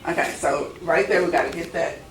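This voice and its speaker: A woman's voice: low-pitched, a little fast. Distant woman coaching actors, roomy noise. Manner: instructive, repeating "okay?" to check understanding. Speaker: film director. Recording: roomy, distant mic, clear background noise.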